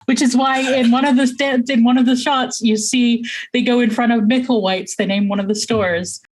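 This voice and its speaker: A woman chats casually on a podcast and laughs easily. Her voice sits fairly high. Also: moderate pace, rough recording. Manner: relaxed, laughs often. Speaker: podcast co-host.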